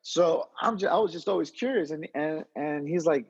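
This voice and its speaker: A man with a husky, slightly breathy voice tells his story in a loose, animated way. He keeps circling back and restarting his sentences. The audio sounds dull and lo-fi. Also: on the high side, moderate pace, long reverb tail. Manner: animated, rambling, lots of restarts and slang. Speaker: interview guest, entrepreneur. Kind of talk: casual storytelling.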